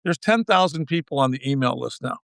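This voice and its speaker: A man's voice: a little high, animated, brisk, gravelly, a bit bright, dry recording. Folksy older man telling a story. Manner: folksy storyteller acting out quoted dialogue. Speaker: guest, former baseball manager. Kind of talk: storytelling in a podcast interview.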